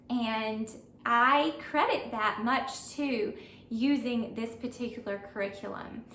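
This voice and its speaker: A homeschool mom speaks in a high, bright register with an earnest, encouraging tone. Her voice carries an echo, as if she sits back from the mic in a bare room with a faint hum behind her. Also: far from the mic. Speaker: homeschool mom reviewing curriculum. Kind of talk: friendly review talk to camera.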